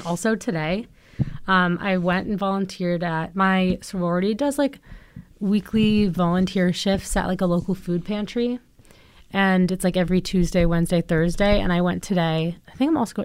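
A woman's voice: medium pitch, dry recording. A young woman co-hosting a casual chat podcast, talking in a loose, chatty way with lots of "like" and laughs. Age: young adult. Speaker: podcast co-host.

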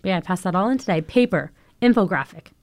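A woman's voice: fairly low pitch, expressive, fast talker, darkish tone, no room sound, clean studio sound. A young woman co-hosting a casual chat podcast, talking in a loose, chatty way with lots of "like" and laughs. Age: young adult. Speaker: podcast co-host.

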